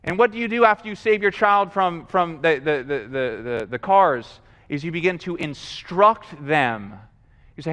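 A man preaching a sermon in a lively, animated way, acting out voices and repeating himself as he builds a point. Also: fairly high pitch, normal speed. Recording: long hall reverb.

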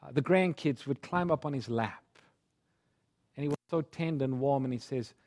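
A man preaching a sermon through a personal story, his delivery swinging from hushed tones to fervent pleading. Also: medium pitch, moderate pace.

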